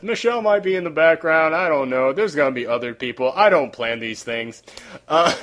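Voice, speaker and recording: A slightly high, somewhat bright male voice belongs to a casual podcast host who is exhausted and sore-throated. Stuck in a hot room without air conditioning, he rambles and struggles to find his words.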